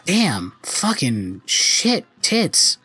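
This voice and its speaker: A man's voice: fairly high pitch, wildly swooping pitch, extremely slow, bright, forceful tone, breathy edge, soft background music. A young man commenting on his own gameplay, frustrated and cursing often. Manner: frustrated, swearing, muttering.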